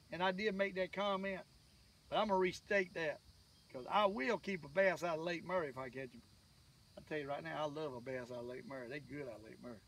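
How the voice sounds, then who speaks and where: A man's voice: a little high, a bit bright, slight background noise. An older man with a Southern US accent, chatting in a folksy, rambling way to viewers while fishing from a boat on a lake. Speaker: fishing vlogger. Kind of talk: casual fishing vlog talk. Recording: distant mic, faint outdoor ambience.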